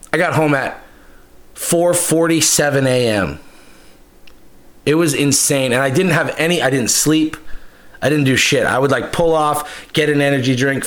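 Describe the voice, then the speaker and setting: Profane, rambling young man telling stories. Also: mid-range voice. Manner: loose, profane, rambling storyteller. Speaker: podcast co-host. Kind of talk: casual storytelling chat.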